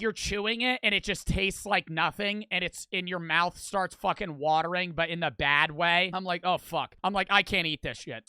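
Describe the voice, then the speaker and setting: A man's voice: sits high, sharp tone, smooth, no room sound. A man in his early twenties casually telling a profane, rambling story to his stream audience. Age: young adult.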